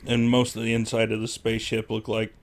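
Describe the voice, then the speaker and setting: A man's voice: lowish voice, completely flat delivery, a little fast. A man co-hosting a podcast, adding short, dry comments in casual chat. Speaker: podcast co-host. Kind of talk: casual movie-review chat.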